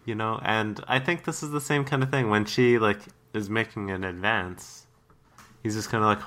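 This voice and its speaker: A Canadian man co-hosting a casual podcast chat, animated and quick to laugh. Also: on the low side. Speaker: podcast co-host.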